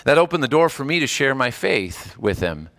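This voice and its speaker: A man preaching a sermon, telling a story in an animated, earnest way and repeating phrases for emphasis. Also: medium pitch, moderate pace.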